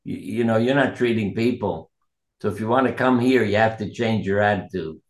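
Earnest man telling stories in an interview, lowish voice, kinda echoey room. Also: brisk. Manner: earnest, anecdotal, quotes people in his stories. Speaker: doctor and author, guest. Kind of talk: reflective interview storytelling.

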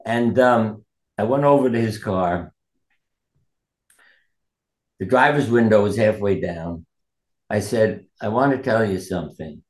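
A man's voice: fairly low pitch, a little slow, long pauses, roomy sound. A man, a doctor and author, telling earnest stories from his practice in an interview and quoting the people in them. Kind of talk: reflective interview storytelling.

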